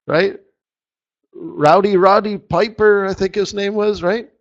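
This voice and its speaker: Presenting a live trading webinar, a forex strategist from Canada keeps things casual and meandering, joking and often asking "right?". He speaks slowly in a high-pitched, fairly even voice, over somewhat muffled audio.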